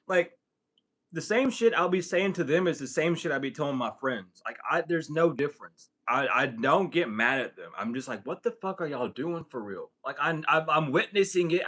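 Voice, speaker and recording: Slightly high and bright, this man's voice carries a joking, profane, rambling manner. As a spiritual content creator, he fields questions in a casual livestream Q&A.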